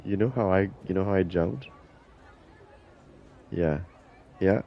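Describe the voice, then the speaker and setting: Speaking slowly in a low voice, this streamer brags and curses his way through stories during a casual chat while playing a game, voicing other people's lines himself. The sound is lo-fi, with a faint crowd in the background.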